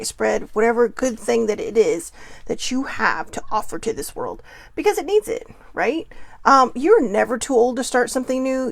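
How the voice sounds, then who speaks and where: Lively, chatty woman vlogger with gravelly fry. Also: fairly high pitch, no room sound. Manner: chatty, laughs often, many fillers; animated, lively quoting in dream story. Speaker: vlog host. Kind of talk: casual rambling chat.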